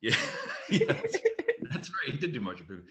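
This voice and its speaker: Playful man on a video call, bright and animated, swapping impressions. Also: mid-range voice, a little fast. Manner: laughing, playful, breaks into loud impressions. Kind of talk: casual chat trading celebrity impressions.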